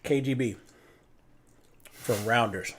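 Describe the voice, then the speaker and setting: A man's voice: medium pitch, slow pace, a little hiss or hum. A man chatting casually on a live stream, telling stories with animation and putting on voices. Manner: animated storyteller, puts on voices. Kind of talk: casual chat.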